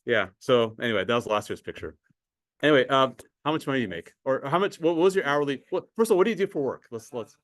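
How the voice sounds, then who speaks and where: A man's voice: medium pitch, expressive, fast talker, no echo, studio quality. A man teaching a math class in a conversational way, asking students questions and often repeating words. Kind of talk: classroom lecture.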